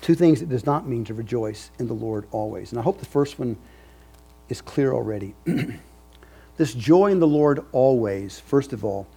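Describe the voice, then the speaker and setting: A man's voice: mid-range voice, animated, normal speed, creaky, mellow, husky. A male pastor preaching a sermon with an emphatic, repetitive cadence.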